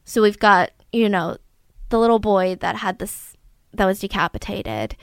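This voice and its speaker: A woman casually retelling a true crime story, animated, acting out the people she quotes. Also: measured pace, clean tone, no room sound. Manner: animated, acts out quotes with raised pitch and volume.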